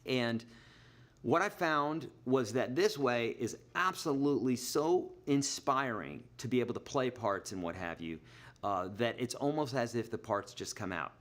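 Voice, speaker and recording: A man's voice: medium pitch, animated, unhurried, fairly bright tone. Chatty middle-aged male guitar teacher. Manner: chatty, explains with everyday examples, counts beats aloud. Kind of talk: live online guitar lesson. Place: Nashville.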